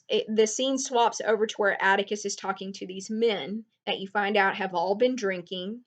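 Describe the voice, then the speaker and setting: A woman walks her students through the chapters of a novel in a relaxed, conversational way. She leans on fillers and restarts her sentences as she goes. Her pitch sits at an ordinary middle height for a woman. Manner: conversational, recaps with frequent fillers.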